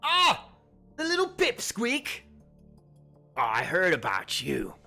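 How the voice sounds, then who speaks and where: Furious armored warlord, shrieky and way high, yelling and cussing at the party, sneering. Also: male voice, wildly swooping pitch, slow, creaky, faint music behind, full character voice. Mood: mocking. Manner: shouting, sneering, profane. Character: angry red-armored male warband leader, loud and scornful.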